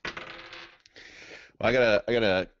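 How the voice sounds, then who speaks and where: Playing a tabletop game over voice chat, a man speaks with a lowish, steady voice at a moderate pace, hesitating with lots of ums and restarts. The dull, dry lo-fi mic picks up slight background noise.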